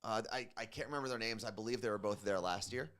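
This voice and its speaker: A man's voice: lowish voice, quick pace. A man co-hosting a morning radio show, chatting casually and rambling with lots of fillers. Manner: relaxed, rambling, many fillers.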